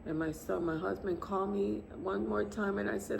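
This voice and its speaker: A woman in her fifties, a grieving mother, telling the story of her son's death to camera in a soft, halting, tearful way. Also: medium pitch, steady tone, creaky, slight background noise. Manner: soft, halting, tearful retelling with quiet pauses. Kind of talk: emotional personal testimony to camera.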